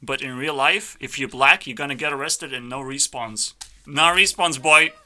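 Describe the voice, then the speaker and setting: Male YouTuber, live reaction rant; cocky, profane, piercingly bright tone. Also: mid-range voice, normal speed. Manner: brash, swearing, mock-arrogant ranting. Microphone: headphones on, desk mic.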